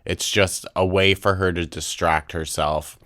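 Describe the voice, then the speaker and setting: A young man in his twenties delivers snarky reaction commentary, blunt and freely swearing. His voice sits very low and comes across smooth and resonant, recorded close and dry. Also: steady tone, unhurried, a bit bright, no room sound. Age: 20s. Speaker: commentary channel host.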